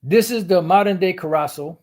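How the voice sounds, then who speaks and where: A man's voice: high-pitched, brisk, a little mellow. A man teaching the Bible while sharing his screen, explaining step by step and often repeating and restarting his phrases.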